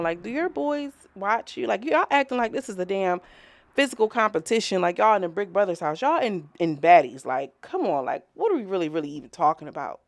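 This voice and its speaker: A woman's voice: medium pitch, very animated, brisk, dry recording. A woman reviewing a reality show episode in a casual vlog, chatty, rambling and profane as she talks straight to her viewers.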